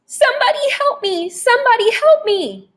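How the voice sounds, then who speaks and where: A woman's voice: very high voice, lively intonation, moderate pace, voice pushed up. A woman voicing a terrified young boy who wails and pleads through sobs in a storybook reading.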